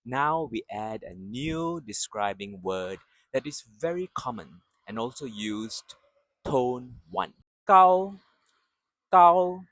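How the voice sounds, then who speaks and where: A male language teacher talking very slowly and patiently, his fairly high voice swinging up and down with lively pitch. The sound is dry and close, with no room in it. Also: no echo. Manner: slow, patient drilling with exaggerated repeated syllables. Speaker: Mandarin teacher. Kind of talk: slow pronunciation lesson.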